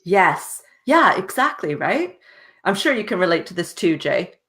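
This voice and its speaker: A woman's voice: lowish voice, very animated, measured pace, a bit bright. Earnest woman guest, chatty tag questions. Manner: earnest, tags sentences with "right?" and laughs lightly. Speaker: guest, success coach. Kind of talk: casual interview storytelling.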